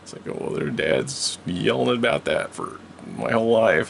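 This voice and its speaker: An older man with a very low, gravelly voice tells a childhood story in a casual way. He rambles, restarts his sentences and laughs often. A faint hum sits under the recording. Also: animated, a little slow, long pauses, fairly bright tone.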